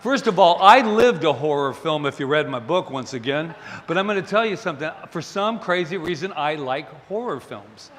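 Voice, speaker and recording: A man giving a sermon as a minister, telling a story in an animated, playful way. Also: a little high, normal speed. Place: spiritual center sanctuary. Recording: long hall reverb, faint ambience.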